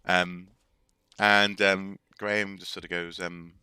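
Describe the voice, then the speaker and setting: A man chatting his way through a game stream, wandering between thoughts and restarting his sentences. His voice sits low but has a sharp, tense edge. It is recorded close and dry. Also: level tone, slow pace, clean tone, dry recording. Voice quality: rambling, with many fillers and restarts. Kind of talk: casual gaming commentary.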